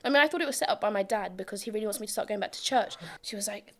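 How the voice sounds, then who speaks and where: A woman's voice: medium pitch, racing, fairly bright tone. A young woman with a London accent, telling a casual story on a couch in a chatty way, full of "like" fillers. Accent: London English. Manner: chatty, many "like" fillers, amused. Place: indoors on a couch.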